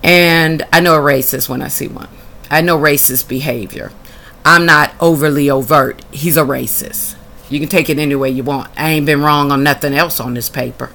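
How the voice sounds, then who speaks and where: A woman's voice: low-pitched, steady tone, moderate pace, vocal fry, a bit bright. A woman reading out documents from her own case and answering them bluntly and indignantly. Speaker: tenant telling her own housing case. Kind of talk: reading documents aloud and reacting.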